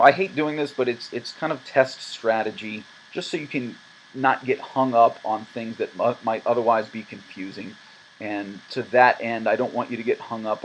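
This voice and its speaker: A male music teacher explaining meter in a screen-recorded lesson, counting rhythms aloud with emphasis in a relaxed, reassuring way. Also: on the low side, low-quality recording. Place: room at a laptop. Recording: laptop fan noise behind.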